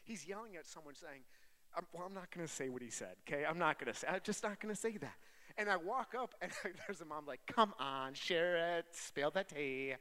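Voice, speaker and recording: A man in his thirties, a traveling preacher, giving a chatty, joking sermon that turns softly earnest, to an audience in a large hall. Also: on the high side, animated, fast talker.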